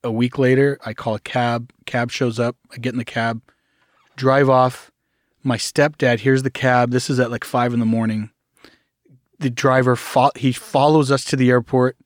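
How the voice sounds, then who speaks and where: Middle-aged man telling his story haltingly. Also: medium pitch, flat delivery, no echo, studio quality. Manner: halting, with restarts, acts out quoted voices. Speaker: guest. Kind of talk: personal story in an interview.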